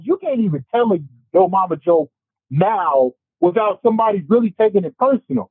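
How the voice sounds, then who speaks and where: A man on a casual podcast discussion, ranting in an animated, profane way. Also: sits high, a little fast, breathy edge, no echo. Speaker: podcast panelist. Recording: tinny phone-like, dry sound.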